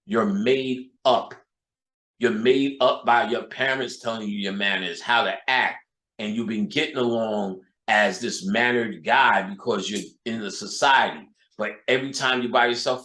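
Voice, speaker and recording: A man's voice: lowish voice, moderate pace, a bit bright, reverberant, low-quality recording. A man with a New York accent, talking in a profane, rambling, casual monologue full of street slang. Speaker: channel host.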